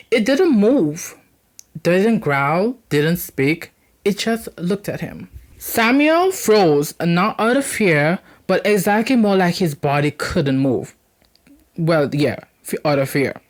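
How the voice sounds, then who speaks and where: A young man hosts a storytelling channel, telling a spooky tale in a chatty, animated way with joking asides. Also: on the high side.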